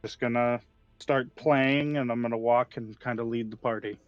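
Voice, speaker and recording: A man's voice: mid-range voice, fairly even intonation, moderate pace, dry recording, faint music behind. A man playing a tabletop role-playing game who reasons through plans aloud decisively. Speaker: player. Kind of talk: casual tabletop play. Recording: dull, dry lo-fi mic.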